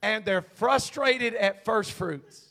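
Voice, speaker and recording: A male senior pastor preaching a Pentecostal sermon in a church. He moves from hushed storytelling to shouted, rhythmic preaching. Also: sits high, takes it slowly, gravelly. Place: church sanctuary.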